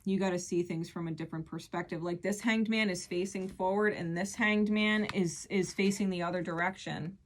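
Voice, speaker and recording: A woman's voice: fairly low pitch, steady tone, fairly quick, hardly any pauses, a little hiss or hum. A woman giving an earnest, emphatic tarot reading who repeats key phrases as she pulls cards. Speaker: tarot reader.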